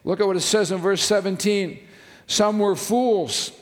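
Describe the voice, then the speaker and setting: In a church sanctuary with the long reverb of the hall, a pastor with a high-pitched voice delivers a sermon at an unhurried pace. He reads scripture and draws out key phrases for emphasis.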